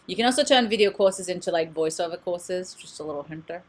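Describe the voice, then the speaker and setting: A woman with a fairly low, animated voice talks fast while hosting a casual live-stream oracle card reading. She runs an oracle card and meditation channel, speaks candidly, reads messages aloud, and records from a home closet she uses as a studio.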